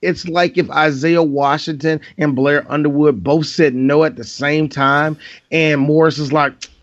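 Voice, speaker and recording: A man's voice: fairly high pitch, fairly even intonation, unhurried. A man co-hosting a podcast in casual banter, blunt and profane, joking about movies. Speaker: podcast co-host. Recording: dull lo-fi sound.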